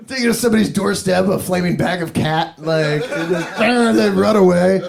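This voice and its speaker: Gravelly profane stand-up comic man. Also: sits high, normal speed. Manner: rambling, profane, laughs at own jokes. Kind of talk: stand-up comedy set. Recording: live club recording with crowd noise.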